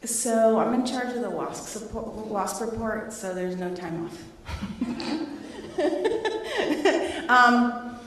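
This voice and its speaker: A middle-aged woman, a teacher, presenting her research to students and taking questions in a lively, laughing way. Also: mid-range voice, a little hiss or hum. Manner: animated, laughing storyteller. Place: large echoey hall. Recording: echoey hall, voice from a distance.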